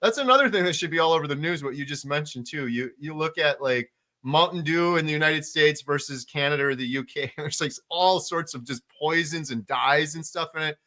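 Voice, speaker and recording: A man's voice: on the high side, brisk, bright, forceful tone. A man hosting a casual interview, talking with enthusiastic emphasis, piling up repeated words and fillers. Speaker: podcast host.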